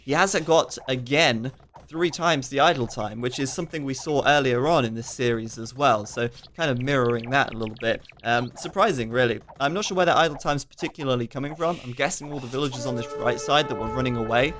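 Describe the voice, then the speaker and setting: This is a man casting a strategy game match live, in a relaxed and chatty manner. His pitch sits at an ordinary middle level, and he breaks off now and then to read out viewer questions. Quick asides and fillers run through his talk. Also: a little hiss or hum. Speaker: esports commentator.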